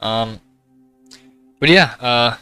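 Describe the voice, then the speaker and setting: Bright-voiced young man, casual podcast host. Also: mid-range voice, drawn-out words, clean tone, soft background music. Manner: relaxed, swears freely, eats while talking. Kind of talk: casual chat.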